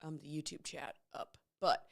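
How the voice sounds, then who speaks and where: A woman's voice: deep voice, fairly even intonation, creaky. A woman co-hosting a casual podcast chat, teasing her co-host and pushing back on him. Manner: teasing, quick to push back.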